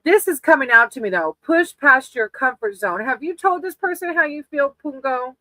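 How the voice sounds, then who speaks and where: Bright-voiced woman reading tarot live. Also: sits high, animated, moderate pace, no echo, rough recording. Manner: affectionate, calls viewers sweetie, laughs often. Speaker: tarot reader on a livestream.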